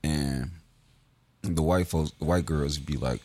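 A man co-hosting a podcast, telling a story in relaxed casual chat. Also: rumbling low, measured pace. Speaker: podcast co-host.

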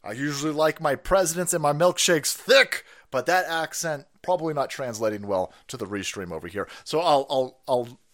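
A man's voice: on the high side, fairly bright tone. A man hosting a live stream, ranting heatedly and mockingly with lots of swearing. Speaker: stream host. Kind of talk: profane ranting commentary.

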